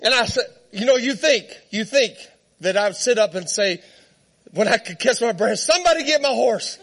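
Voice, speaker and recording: During his sermon, a man recounts a funny story at a moderate pace, laughing along and keeping the energy up. His voice is strikingly high, ringing bright and forceful.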